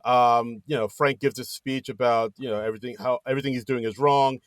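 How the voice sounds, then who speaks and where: A man's voice: a little fast, no echo. A man co-hosting a podcast, casually recapping a movie and acting out bits of dialogue. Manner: animated retelling, acts out lines in a high voice. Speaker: podcast co-host.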